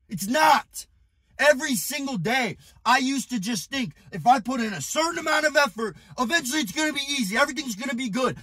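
A young man coaching in an aggressive, profane motivational rant, often shouting at the viewer. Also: extremely high pitch, husky, no echo. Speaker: business and fitness coach.

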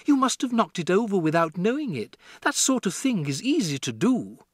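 A man voicing a gentle young female schoolteacher who speaks calmly and steadily in an audiobook. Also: sits high, husky, dry recording, studio quality, pitched above the performer's own voice, full character voice. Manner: calm, measured. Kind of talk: audiobook character voice.

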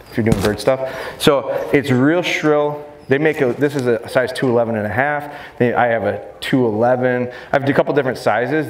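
A male dog trainer giving a live seminar talk in an animated, jokey, hands-on way. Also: mid-range voice. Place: expo seminar hall. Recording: echoey hall, faint background noise.

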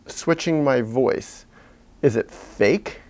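A man who makes video blogs sits in front of his camera, which serves as his microphone, and reflects aloud. He speaks slowly and haltingly in a self-searching way, deliberately pitching his voice low from the chest.

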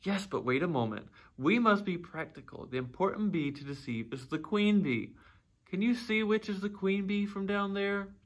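A man voicing a gentle, earnest, simple-minded toy bear in a storybook read-aloud, talking in a ponderous, slightly anxious way. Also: high-pitched, normal speed, pitched above the performer's own voice. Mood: earnest, scheming.

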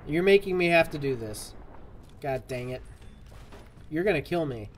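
A man's voice: on the high side, expressive, normal speed, slight background noise. A man giving live commentary on a game he is playing, jokey and exasperated as he talks to the game. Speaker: streamer.

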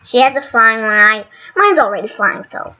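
A woman casually commenting on her gameplay, excitable and gushing. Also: on the high side, normal speed, muffled recording. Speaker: gaming channel host.

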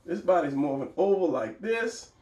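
A man's voice: fairly high pitch, expressive, fairly quick, darkish tone. A man giving a casual drawing lesson, talking while he sketches, encouraging and repeating phrases, recorded by a camera some distance away. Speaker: art teacher. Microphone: camera mic at a distance. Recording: roomy, distant camera mic.

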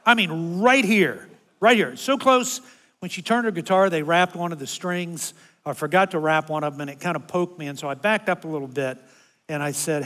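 An older man with a fairly high voice tells a self-mocking story from a church pulpit, swinging from easy talk into loud, exaggerated comic complaints. His voice rings out through a large sanctuary with a long reverb trailing every phrase. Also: animated, normal speed. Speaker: guest speaker. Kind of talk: humorous sermon storytelling.

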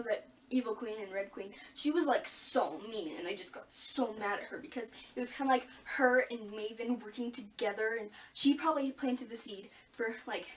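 A teenage girl chatting excitably about a book she loved, full of filler words and gushing reactions. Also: on the high side, far from the mic. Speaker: vlogger. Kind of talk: casual book review chat.

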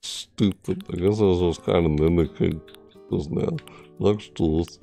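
A man streaming a game, chatting casually and rambling with jokes, sometimes breaking into loud high squeals. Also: a little slow, vocal fry, soft background music. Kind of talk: casual gameplay commentary.

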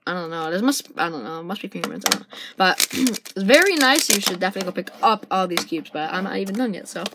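Woman, casual unboxing chatter, excitable, rambling, thinking aloud, built-in camera mic, hissy noisy recording. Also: on the low side, fast talker. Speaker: vlogger unboxing puzzle cubes.

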